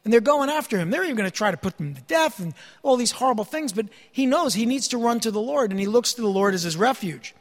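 High-voiced man preaching in a reverberant hall. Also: expressive, fast talker, hardly any pauses. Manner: earnest Bible teaching, reading scripture aloud with rising intensity. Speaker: pastor. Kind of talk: sermon.

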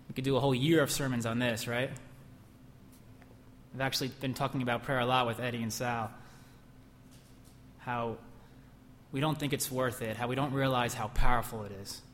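This young man's sermon is conversational, punctuated by sudden bursts of emphasis, and recorded in an echoey hall with faint ambience. His voice is medium-pitched, with a bit of hiss or hum on the track.

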